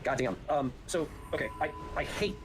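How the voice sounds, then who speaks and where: A man's voice: on the high side, normal speed, over music. A man arguing in an online debate, combative, profane and sarcastic. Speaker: debate participant. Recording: noisy background.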